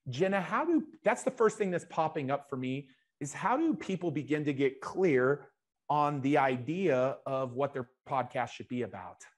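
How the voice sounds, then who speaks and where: A man hosting a live interview show, energetic, often restarting and speaking to the chat audience. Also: a little high, moderate pace. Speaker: show host.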